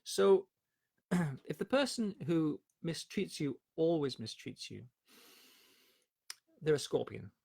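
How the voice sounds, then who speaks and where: Gravelly man coaching on anxiety. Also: a little high, big pitch swings, takes it slowly, pauses often, a little mellow, no echo. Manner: explanatory, tells parables with acted quotes. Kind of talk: live-streamed Q&A talk.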